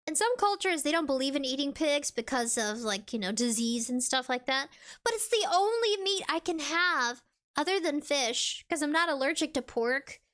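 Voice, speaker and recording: Goofy lady streamer rambling at her chat, really bright sharp voice. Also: sits high, animated, moderate pace. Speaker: VTuber streamer. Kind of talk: casual live-stream chat, reading chat and game text.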